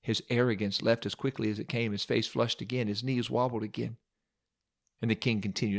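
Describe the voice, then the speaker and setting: A man's voice: medium pitch, little pitch movement, fairly quick, creaky. A man preaching a sermon, retelling a story dramatically with humorous asides.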